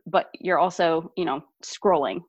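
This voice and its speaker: A woman with a lowish voice tells her story as a guest on an interview show, animated and quick to laugh. The sound is dull and a little lo-fi, with a dry, close feel. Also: no echo. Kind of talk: podcast interview.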